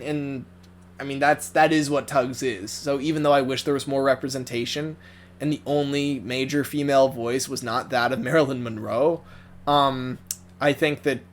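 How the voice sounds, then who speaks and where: A man's voice: mid-range voice, slight background noise. A man giving casual, rambling commentary on a cartoon dub, full of restarts and little laughs.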